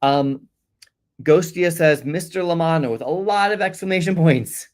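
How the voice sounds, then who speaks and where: A man's voice: on the high side, animated, unhurried. Earnest man teaching a livestream. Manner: earnest, repeats points for emphasis. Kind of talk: livestream lesson reading chat.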